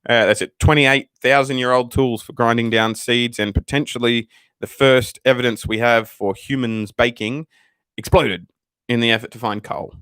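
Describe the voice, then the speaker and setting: A man's voice: mid-range voice, steady tone, normal speed, fairly bright tone, clean tone, no room sound. A man hosting his channel, telling stories in a swearing, ranting way. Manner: profane, ranting, storytelling. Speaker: channel host. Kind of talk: casual livestream chat.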